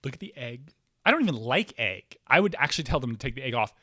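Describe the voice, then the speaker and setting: A man hosting a casual podcast, rambling excitably with lots of fillers, restarts and swearing. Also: mid-range voice, fast talker, dry recording, studio quality. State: hyper, excitable. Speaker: podcast host.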